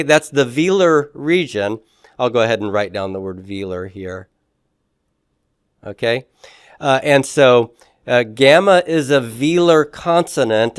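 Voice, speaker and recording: Brief: male lecturer, unhurried delivery, smooth resonant voice, dry sound, repeats pronunciations for the class. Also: mid-range voice, no echo. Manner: slow, repeats pronunciations, many fillers, quizzes the class. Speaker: Greek teacher.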